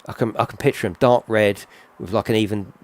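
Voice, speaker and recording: A man's voice: lowish voice, steady tone, a little fast, darkish tone. A middle-aged man giving casual, rambling game commentary full of tag questions. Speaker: gaming channel host.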